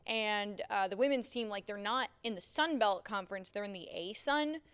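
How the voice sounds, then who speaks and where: A young woman with a Central New York accent talks sports in a relaxed podcast chat. Her voice is smooth and clear at a middle pitch, and she peppers her speech with "like" and "I mean.". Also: moderate pace. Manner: chatty, frequent "like" and "I mean". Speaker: sports reporter and podcast co-host. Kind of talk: casual chat.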